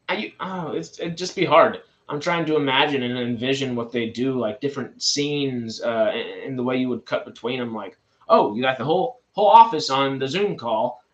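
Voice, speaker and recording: With a mid-range, slightly bright voice, a man in his twenties reads film news items and then talks them over casually, drifting into asides and restarting lines. The audio sounds dull.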